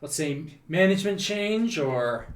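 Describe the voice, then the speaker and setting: A man playing a smooth-talking male negotiator in a red cloak, who hedges and fills his lines with "uh". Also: fairly high pitch, animated, unhurried, pitched above the performer's own voice. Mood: persuasive. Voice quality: hedging, with many fillers. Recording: roomy sound from a distance.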